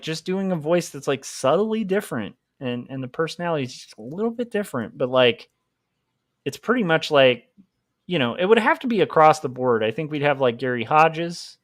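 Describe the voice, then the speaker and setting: A man's voice: on the high side, very animated, normal speed, no room sound, clean studio sound. A man hosting a casual livestream while drawing, rambling and joking at his own expense. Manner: joking, rambling, self-mocking. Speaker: livestream host, comic artist.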